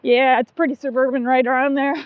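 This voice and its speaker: Giggly high-voiced woman chatting. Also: little pitch movement, fairly quick, phone-quality sound. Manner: chatty and giggly, many likes and ums. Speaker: podcast co-host. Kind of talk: casual chat.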